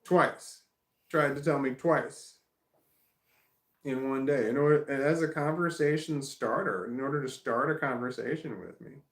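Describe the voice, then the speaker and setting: Gravelly-voiced man rambling casually. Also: medium pitch, measured pace, fairly bright tone, roomy sound. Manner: rambling, repeats himself, swears when annoyed. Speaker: vlogger. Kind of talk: casual vlog monologue. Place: at home.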